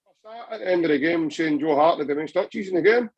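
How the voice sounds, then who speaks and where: A man's voice: on the high side, quick pace, lo-fi sound. A Scottish man chatting passionately about football on a podcast, rambling with many restarts. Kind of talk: casual football chat.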